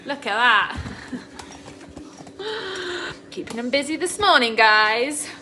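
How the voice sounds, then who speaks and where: This cooking vlogger speaks slowly and expressively in a high voice, laughing a lot as she cooks and chats with her live audience at home. The distant mic catches background noise, an echoey room, and clattering pots.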